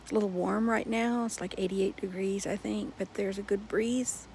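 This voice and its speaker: A middle-aged woman, chatting in a relaxed, rambling way while sitting outdoors under trees. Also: mid-range voice, normal speed, slight background noise. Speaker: vlogger. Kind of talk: casual chat to camera. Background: faint outdoor sounds with birds.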